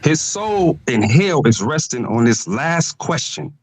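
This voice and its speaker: A man calling in to a podcast, lecturing slowly and asking for patience as he builds his point. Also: on the high side, sing-song, a little hiss or hum, low-quality recording. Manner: slow, lecturing, stalls for time. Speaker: caller. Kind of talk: preaching argument on a call.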